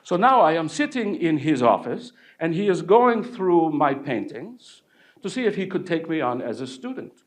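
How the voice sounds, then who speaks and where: An actor plays an exuberant French painter in a live one-man character show at a village hall, recounting his life story and joking with the audience. His voice sits on the high side with big pitch swings, delivered at normal speed in a playful mood.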